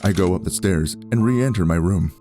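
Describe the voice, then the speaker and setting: A man reading a visual novel aloud in a steady first-person narration. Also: low voice, normal speed. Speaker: game narrator. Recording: background music.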